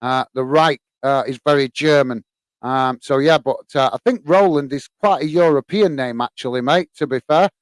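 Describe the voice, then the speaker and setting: A man hosting a live football fan stream, reading out viewer comments and chatting back in a relaxed, rambling way full of fillers. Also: medium pitch, normal speed, no echo. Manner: relaxed, chatty, many fillers, calls listeners mate. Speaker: host of a football fan channel.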